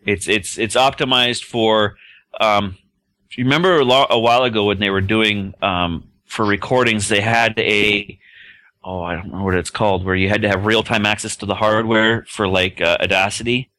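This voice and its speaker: Low-voiced guy with a bright edge, lots of ums while he explains stuff. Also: steady tone, moderate pace, dry recording. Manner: hesitant, searching for words, many ums. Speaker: podcast panelist. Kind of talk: casual tech chat.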